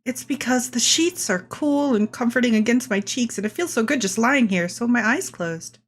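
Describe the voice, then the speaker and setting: A woman's voice: a little high, animated, moderate pace. Woman reading a wry teenage boy narrator. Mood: reflective.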